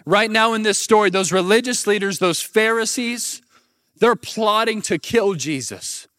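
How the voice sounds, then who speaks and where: A man's voice: high voice, unhurried, a bit bright, dry recording, clean studio sound. A young man preaching a sermon and asking the crowd to repeat words back. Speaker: pastor.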